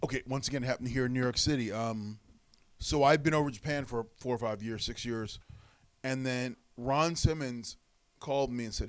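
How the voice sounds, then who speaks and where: Casting: man, a wrestling guest on a podcast, a lively storyteller. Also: medium pitch, fairly quick. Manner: animated storyteller, acts out quotes. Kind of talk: storytelling interview.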